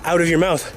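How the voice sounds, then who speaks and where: A man's voice: fairly high pitch, noisy background. Winded man coaching breathing. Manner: breathy sighs between phrases, encouraging. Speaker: fitness coach. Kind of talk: instructional vlog. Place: outdoors.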